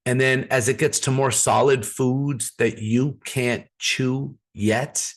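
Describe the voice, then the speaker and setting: A man's voice: mid-range voice, steady tone, takes it slowly. A man giving a live business training over a video call, speaking directly to his audience and telling stories, often repeating words as he restarts sentences. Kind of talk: live online training presentation.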